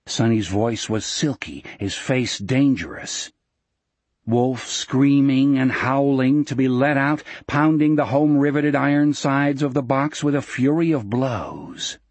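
A man reading a novel aloud as narrator, in a measured, steady manner. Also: medium pitch, no room sound. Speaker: audiobook narrator. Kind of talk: scripted narration.

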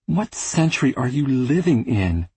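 A man's voice: medium pitch, sing-song, measured pace, mellow, husky, no echo, pitched above the performer's own voice, exaggerated voice. A man voicing an exasperated adult woman in an audiobook, subdued and sarcastic. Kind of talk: audiobook character voice.

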